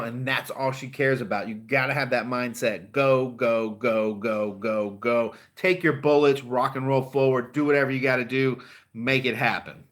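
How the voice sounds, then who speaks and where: A man's voice: medium pitch, normal speed, a bit bright. A middle-aged man and car dealer giving a fired-up, profane, blunt motivational talk to his channel's viewers.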